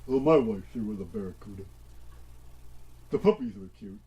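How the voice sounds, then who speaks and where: A man voicing a grumpy, sleepy male talking dog on a radio show, in a gruff, mumbling tone. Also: on the low side, animated, normal speed, warm tone, voice pushed down. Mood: sulky.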